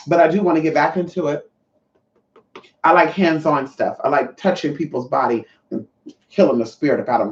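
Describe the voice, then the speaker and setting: A man with a high-pitched voice delivers a sassy, profane, scolding rant straight to camera. The sound is roomy and echoey, and the recording is dull and lo-fi. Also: brisk, pauses often. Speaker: vlogger and self-taught Reiki healer. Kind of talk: profane ranting monologue.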